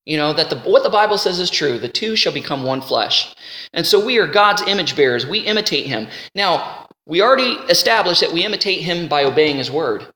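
A man teaching a sermon in a conversational, animated way, slowing down to read scripture. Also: on the high side. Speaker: Bible teacher. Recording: roomy hall with long reverb.

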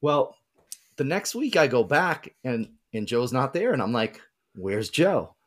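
A man co-hosting a podcast, telling a story in a laid-back, wry, deadpan way. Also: mid-range voice, unhurried. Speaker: podcast co-host. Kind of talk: casual storytelling.

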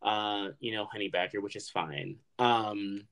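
A man in casual podcast chat, relaxed, reeling off game statistics with profane asides. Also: lowish voice, a little slow, clear, resonant tone.

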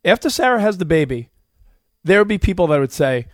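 Earnest man with a high, lively voice. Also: brisk, dry recording, studio quality. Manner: earnest, arguing his point. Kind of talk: casual chat.

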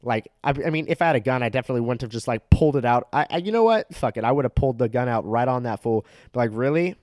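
A man's voice: mid-range voice, rapid-fire, hardly any pauses, darkish tone, dry recording, clean studio sound. Foul-mouthed young man ranting. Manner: rambling, heavy swearing and filler words, gets heated. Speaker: storyteller. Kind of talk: profane comedic storytelling rant.

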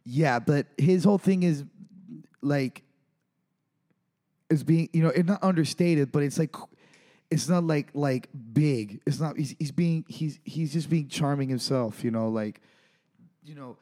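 A man's voice: fairly high pitch, a little slow, pauses often, warm tone. A man co-hosting a podcast, chatting casually about a movie, rambling and self-deprecating with lots of restarts. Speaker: podcast co-host.

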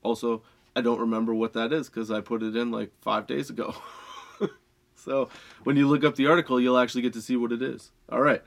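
A young adult man, high and laughing often, reading odd facts and ranting with a lot of swearing. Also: level tone, brisk, gravelly. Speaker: podcast host. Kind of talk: casual stoned rant.

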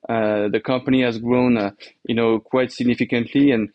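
A man from Normandy with a French accent, a podcast guest who talks in a halting way with many fillers and restarts. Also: mid-range voice, flat delivery, no echo, highs cut off. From France, Normandy. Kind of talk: casual podcast interview.

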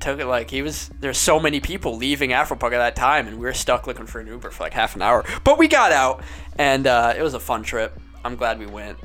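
A man's voice: mid-range voice, fairly bright tone. A young man from Ohio, a podcast guest, telling stories in a laid-back, casual way and saying "dude" and "man" a lot. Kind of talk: casual chat.

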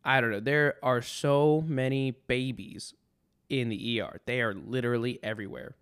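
A man's voice: mid-range voice, steady tone, moderate pace, fairly bright tone, clear, resonant tone. A man hosting a podcast, telling a rambling, sarcastic story in a casual monologue full of restarts. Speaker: podcast host.

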